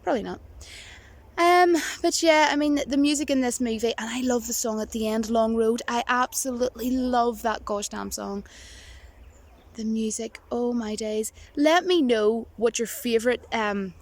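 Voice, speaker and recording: A woman's voice: a little high, moderate pace. A woman vlogger chatting casually to camera, rambling and giggling, with a touch of self-mocking nerves. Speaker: movie vlogger.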